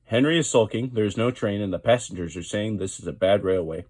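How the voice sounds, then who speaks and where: A worried station master, voiced by a man reading a storybook, speaking anxiously and in a hurry. The voice is husky. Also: fairly low pitch, darkish tone, natural voice. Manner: anxious and hurried.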